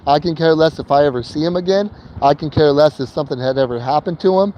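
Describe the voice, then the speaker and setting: A man's voice: on the high side, quick pace, lo-fi sound, slight background noise. A man telling a personal story in a casual vlog while in a vehicle he is driving, talking loosely with slang and many fillers and repeats. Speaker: vlogger.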